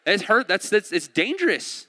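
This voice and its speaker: A man's voice: high voice, very animated, moderate pace, pushed and bright. A young man preaching a casual, conversational sermon, joking and laughing often and restarting his sentences. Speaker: pastor.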